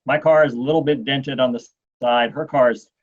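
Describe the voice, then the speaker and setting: A man in his forties, a guest telling a long anecdote in an interview, animated and acting out what others said. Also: mid-range voice, normal speed. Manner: animated storyteller, acts out quotes. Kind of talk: storytelling in an interview. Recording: dull lo-fi sound.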